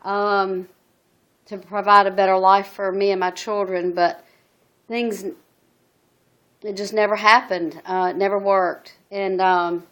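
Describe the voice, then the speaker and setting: A middle-aged woman speaks into her phone in a personal video testimony. Her pitch stays flat and narrow. She talks earnestly and haltingly, stopping often on "um" and restarting her sentences. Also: clear, resonant tone. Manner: halting, many ums and restarts; earnest and emotional. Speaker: single mother telling her story.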